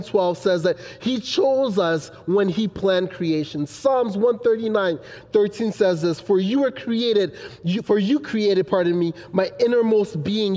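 Young male pastor, high voice, earnest preaching with repeated lines, reverberant hall sound. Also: darkish tone. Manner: earnest, building repetition. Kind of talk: sermon.

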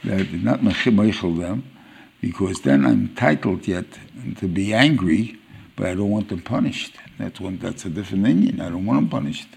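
A man giving an informal Torah lecture as a rabbi, halting and restarting as he searches for words. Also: deep voice, animated, creaky, a little mellow, a little hiss or hum. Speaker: rabbi teaching a weekly Torah class.

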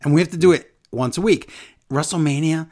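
A man's voice: on the high side, fairly quick, a little mellow. A man hosting a podcast, chatting casually and rambling, often correcting himself. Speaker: podcast host. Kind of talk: casual chat.

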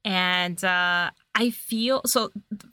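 A woman co-hosting a podcast, casually recapping a movie in an animated, sassy way and swearing now and then. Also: lowish voice, takes it slowly, no echo. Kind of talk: casual chat.

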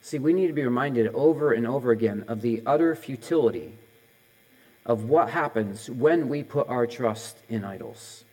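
A man's voice: mid-range voice, moderate pace, darkish tone, low-quality recording. A middle-aged man preaching a sermon as a pastor. He talks conversationally, asks the audience many questions in a row and jokes about his own slips.

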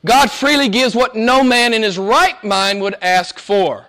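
Brief: male pastor, high voice, impassioned sermon delivery, drops soft then builds loud, repeats phrases for emphasis. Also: measured pace.

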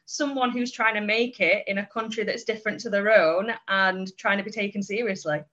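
A woman's voice: mid-range voice, steady tone, brisk, pushed and bright. A woman speaking as a guest on a podcast, candid and reflective, often breaking into small laughs. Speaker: guest inclusion trainer. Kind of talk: casual podcast conversation. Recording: dull lo-fi podcast audio.

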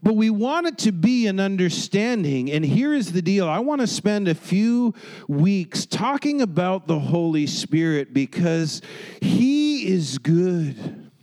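A male pastor preaches a lively sermon with a somewhat high voice. He speaks emphatically and keeps drawing the congregation in with quick "right?" and "amen?" asides. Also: rough recording.

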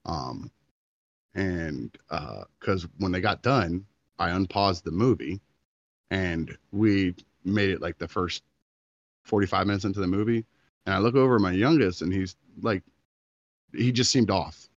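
A man with a very low, deep voice, telling a long story to his podcast co-host and acting out what each person said. The sound is dry and a little muffled. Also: unhurried, no echo. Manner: animated storyteller, acting out quotes. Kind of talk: casual chat.

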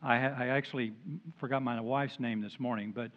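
A man's voice: mid-range voice, fairly even intonation, fairly quick, fairly bright tone, muffled recording. An older man preaching a sermon as pastor, conversational and dropping joking asides.

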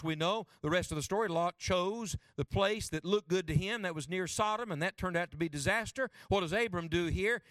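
A man preaching a sermon as a traveling preacher, dropping low and soft for quotes and rising high for emphasis. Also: no room sound, studio quality, distant mic.

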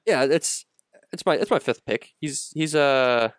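A man's voice: on the high side, a little slow, no echo, clean studio sound. A man hosting a casual gaming podcast, rambling with lots of fillers and restarts as he talks through his picks. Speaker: podcast host.

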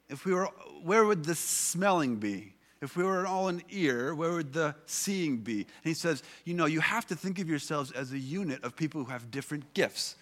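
A man's voice: fairly high pitch, fairly bright tone. A man in his thirties, a pastor, giving a conversational sermon with many fillers and restarts.

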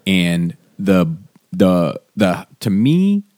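A man's voice: low-pitched, sing-song, very slow, a little mellow, dry recording. A man hosting a podcast, chatting casually and hesitantly with lots of fillers and restarts. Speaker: podcast host. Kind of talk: casual chat.

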